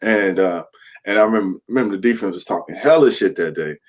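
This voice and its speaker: A man with a fairly low voice tells his stories with lots of energy. He is a podcast guest in his thirties, talking candidly about his football days and acting out what his teammates said to him. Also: fast. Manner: animated storyteller, acts out quoted teammates. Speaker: guest, former pro football player. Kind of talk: candid podcast interview, storytelling.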